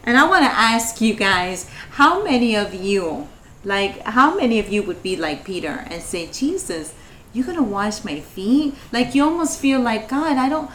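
A woman's voice: fairly high pitch, sing-song, normal speed, a bit bright, a little hiss or hum. A woman leading a devotional Bible study, reading verses and rising into fervent prayer.

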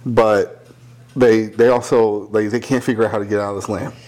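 A man's voice: lowish voice, normal speed. Young man, casual storyteller, swears a lot, mimics people he quotes. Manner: profane, animated, quotes people in voices. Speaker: podcast co-host telling a story.

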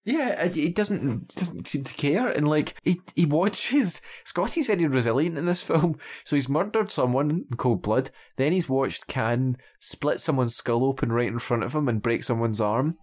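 A man's voice: on the high side, moderate pace, few pauses, darkish tone. Exasperated, sarcastic man critiquing a film. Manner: exasperated and sarcastic, keeps asking "okay?" and "right?"; swears casually. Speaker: podcast co-host. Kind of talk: casual film critique chat.

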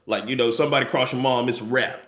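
A man's voice: mid-range voice, steady tone, fast talker, fairly bright tone, echoey room, lo-fi sound. A man co-hosting a casual podcast chat, rambling through hypotheticals and repeating his words. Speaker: podcast co-host.

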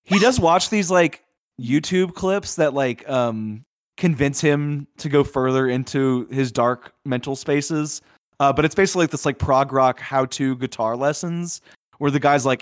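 A man's voice: mid-range voice, unhurried, no room sound, clean studio sound. A man co-hosting a podcast, reviewing films in a loose, chatty way with lots of filler words. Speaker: podcast co-host. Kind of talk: casual film review chat.

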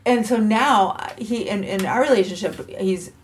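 A middle-aged woman hosts a relaxed conversation and tells stories in an ordinary mid-range voice. She is supportive and affirms her guest often. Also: mid-range voice, normal speed, a little hiss or hum. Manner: supportive, frequent affirming murmurs. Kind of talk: casual conversation, storytelling.

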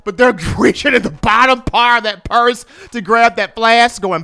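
Man, high smooth voice, animated football commentator who tells stories. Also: normal speed, few pauses. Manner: animated storyteller acting out fans. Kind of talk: sports talk commentary.

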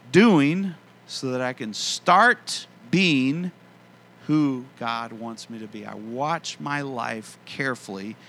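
Earnest male preacher with a bright voice. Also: medium pitch, a little hiss or hum. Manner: earnest, conversational preaching with emphatic slowed phrases. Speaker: pastor. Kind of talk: sermon.

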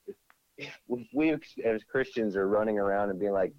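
Animated man acting out quotes on a podcast. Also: on the low side, normal speed, highs cut off. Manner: animated, acts out quoted voices. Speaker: podcast co-host. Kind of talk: casual faith podcast chat.

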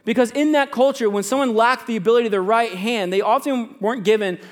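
High-voiced joking male pastor. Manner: joking, conversational preaching with quick asides to the congregation; lively delivery, swinging between loud emphasis and quiet asides. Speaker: pastor of students and young adults. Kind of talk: sermon. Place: church sanctuary with a congregation.

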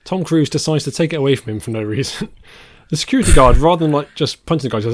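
A man's voice: mid-range voice, fast, hardly any pauses, dry recording, clean studio sound. A man co-hosting a podcast about films, in a rambling, casual chat that often trails off into a laugh. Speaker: podcast co-host.

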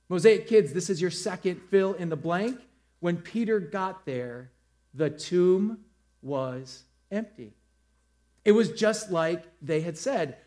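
A man preaching a lively sermon to a church, acting out the story's characters in quick voices. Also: high voice. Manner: animated, acts out scenes in character voices. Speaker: pastor. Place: church auditorium with a screen.

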